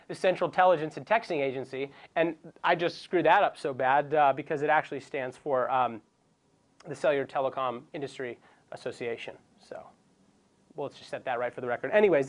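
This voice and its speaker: A young man hosting a comedic web show, joking and rambling in a self-deprecating way. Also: fairly high pitch. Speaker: host.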